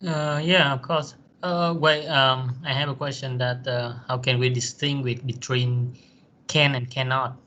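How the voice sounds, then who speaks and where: An English learner in an online lesson, halting and repeating words while searching for them. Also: mid-range voice, level tone, bright, forceful tone, muffled recording, slight background noise.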